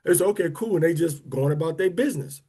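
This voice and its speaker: Here the livestream speaker talks fast in a slightly high, mellow voice with a breathy edge. He rambles conversationally to his online viewers, often restarting and stretching out words to stress them.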